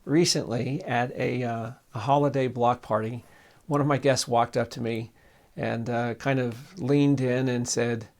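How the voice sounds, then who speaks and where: A man's voice: medium pitch, steady tone, measured pace. A man in his sixties from Southern Nevada, a real estate agent telling a folksy story straight to the camera, with plenty of uhs and ums. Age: 60s. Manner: folksy storytelling with frequent fillers. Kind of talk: direct-to-camera talk with anecdote.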